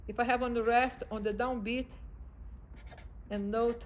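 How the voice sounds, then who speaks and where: Slow, halting woman teaching rhythm. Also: fairly high pitch, fairly even intonation, low-quality recording. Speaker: music teacher. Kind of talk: music theory lesson. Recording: faint background noise.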